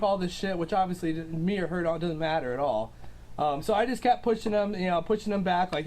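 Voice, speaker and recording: A man's voice: high-pitched, fast, darkish tone. A young man telling his side of a clash in a casual, hesitant way, full of ums and likes. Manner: rambling, hesitant, with many fillers. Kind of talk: casual storytelling.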